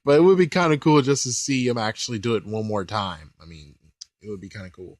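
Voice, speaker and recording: A man's voice: medium pitch, fairly quick, a little mellow, no echo. A young man giving a casual, rambling episode commentary, laughing as he talks. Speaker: host.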